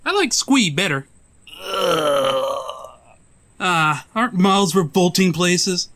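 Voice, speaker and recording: A man's voice: sits high, animated, measured pace, very noisy. A man playing a manic young male killer who lectures with sneering contempt and bursts into cackling. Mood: contemptuous. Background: loud music.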